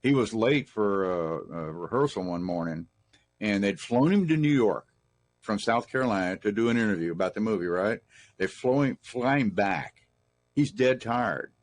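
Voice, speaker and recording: Here a Texan man in middle age, guesting on an interview, tells loose, folksy tales that wander and restart. His fairly low voice is expressive, and his pace is normal for casual storytelling.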